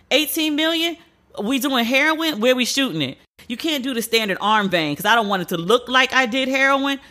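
A woman's voice: a little high, pushed and bright. A young woman hosting a podcast, ranting in a blunt, profane, casual way with mock disbelief. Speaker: podcast host. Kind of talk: casual comedic rant.

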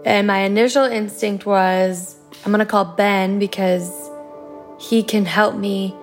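A woman interviewed about a loss, retelling events haltingly with many fillers. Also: medium pitch, gravelly. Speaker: bereaved wife interviewed. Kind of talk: recounted interview testimony.

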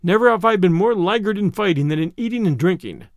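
A man's voice: high-pitched, expressive, fast, no room sound, clean studio sound. A man voicing a hearty, bold outlaw who speaks in old-fashioned courtly phrases, in a storybook reading. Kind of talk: storybook character voice.

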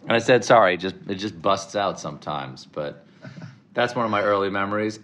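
A middle-aged man from the American South with a fairly low voice tells his stories in a casual interview. He talks in an animated way and puts on voices for the people he quotes. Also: moderate pace. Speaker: interview guest, comedic actor.

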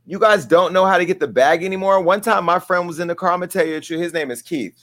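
A man's voice: high voice, fast, a bit bright. Brash comedic gossip host, man. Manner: brash, candid, comedic storytelling. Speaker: talk show host. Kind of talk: gossip commentary.

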